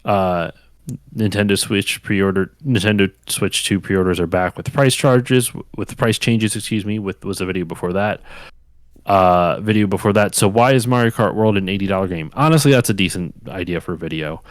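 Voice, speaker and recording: A man's voice: sits low, moderate pace, dry recording. A man hosting a podcast in casual chat, rambling with lots of fillers and restarts. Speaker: podcast host.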